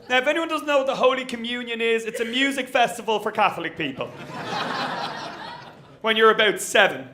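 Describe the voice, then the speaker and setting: A man's voice: very high-pitched, fairly bright tone. A young Irish man doing a stand-up set, punchy and self-mocking, with tag lines after each joke. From Ireland. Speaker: stand-up comedian. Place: comedy venue with live audience.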